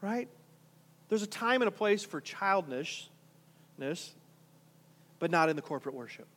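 A man's voice: high-pitched, very animated, moderate pace, a bit bright, big-room sound. A male pastor preaching a conversational sermon, full of rhetorical questions and repeated restarts.

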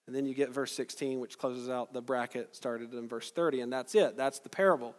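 Conversational pastor preaching in a reverberant hall. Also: male voice, medium pitch, quick pace. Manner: conversational, explains verse by verse, asks the crowd questions. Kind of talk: sermon.

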